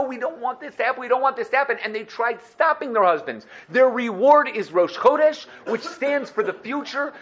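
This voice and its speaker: A man teaching a lively Torah lesson, animated and acting out little scenes. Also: high-pitched. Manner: animated, acts out dialogue.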